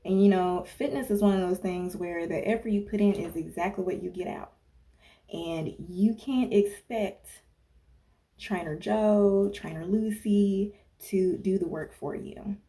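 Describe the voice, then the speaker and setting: A woman wellness coach talks straight to the camera in a loose, chatty advice style. Her voice is mellow and warm. She keeps checking in with "okay?" and drifts into asides. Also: mid-range voice, unhurried. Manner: chatty, tags points with "okay?", digresses and laughs at herself. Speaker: wellness coach and former personal trainer. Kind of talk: casual talking-head advice monologue.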